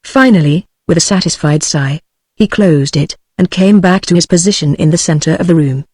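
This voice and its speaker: A synthetic text-to-speech woman's voice with a British English accent, narrating a novel at a steady, even pace. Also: low voice, fairly quick, husky, no room sound. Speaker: audiobook narrator.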